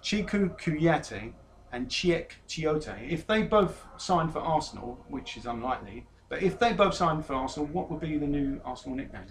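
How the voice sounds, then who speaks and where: A man's voice: on the high side, animated, normal speed, a little hiss or hum. A man hosting a casual football podcast, teasing his guest and reading out transfer news. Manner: jokey, teasing, reads out player news. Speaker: podcast host.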